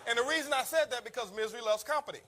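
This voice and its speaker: Fast, bright-voiced energetic male speaker. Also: very high voice. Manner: energetic, storytelling, addresses listeners as guys. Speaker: network marketing speaker. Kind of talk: motivational talk to an audience.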